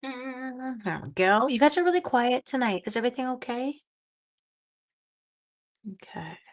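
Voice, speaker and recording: A woman's voice: sits high, expressive, measured pace. A woman hosting a live craft demonstration. She chats casually and greets viewers while she works, often talking half to herself. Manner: chatty, greets and answers viewer comments while working. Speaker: craft livestream host. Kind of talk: casual live-stream card-making demonstration.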